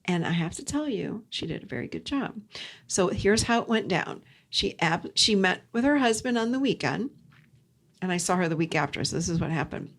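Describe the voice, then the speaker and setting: A woman's voice: on the low side, lively intonation, normal speed. Earnest woman coach, emphatic and repeating. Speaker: podcast host and relationship coach. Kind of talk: storytelling self-help talk.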